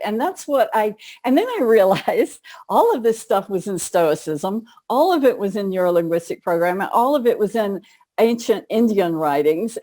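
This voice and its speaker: A middle-aged woman author and coach speaks in a warm, mellow voice. She tells her stories in a chatty, easygoing way. Her pitch sits in the middle of the usual range. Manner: chatty storyteller, laughs often. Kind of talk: casual interview conversation.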